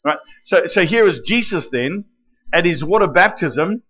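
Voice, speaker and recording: High-voiced preacher man, lo-fi sound. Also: normal speed. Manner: lively teaching preacher, rhetorical questions and checks with the room. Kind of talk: sermon. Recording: dull lo-fi recording.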